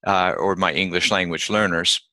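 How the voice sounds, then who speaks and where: A man teaching English pronunciation rules in a slow, deliberate lesson, modelling each example word by repeating it carefully. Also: sits low, steady tone, bright, forceful tone, no echo. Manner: deliberate, models words by repeating them slowly.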